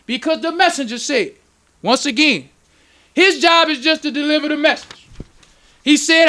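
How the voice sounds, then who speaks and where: A man, a minister, preaching a lecture at a temple in an excitable, emotional way, breaking into sudden shouts. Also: extremely high pitch, normal speed.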